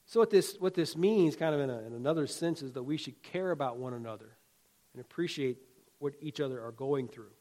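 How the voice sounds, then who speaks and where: A man's voice: medium pitch, lively intonation, fairly quick, mellow. A man preaching a sermon as a pastor, talking in a folksy, conversational way with humor and asides, and building emphatic, rhythmic exhortations.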